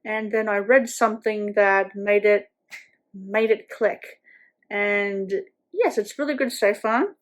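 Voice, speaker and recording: A woman's voice: medium pitch, slow. A woman book vlogger chatting casually at home at night, rambling with lots of "like" fillers. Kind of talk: casual reading vlog chat.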